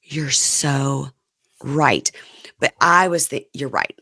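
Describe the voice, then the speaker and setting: A woman in her fifties hosting a podcast, her voice hoarse and going out as she chats candidly about reality TV. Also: rumbling low, takes it slowly, dry recording, clean studio sound. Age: 50s. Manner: chatty and candid, animated asides. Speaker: podcast host. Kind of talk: casual reality TV recap chat.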